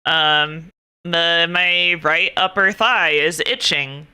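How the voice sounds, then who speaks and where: A young woman streams herself chatting with viewers, talking in an animated, exasperated rant full of swearing. Her voice is very bright and crisp, smooth and clear. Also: fairly low pitch, takes it slowly. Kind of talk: casual chat.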